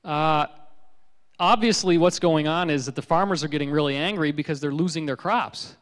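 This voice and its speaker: A man giving a public lecture, telling stories in a joking, animated way. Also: on the high side, moderate pace, long reverb tail.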